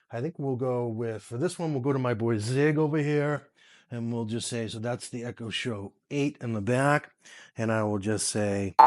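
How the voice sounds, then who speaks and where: A man hosting a casual tech video, chatty and quick to laugh, giving voice commands to smart speakers at home. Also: mid-range voice. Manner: chatty, laughs often, restarts phrases.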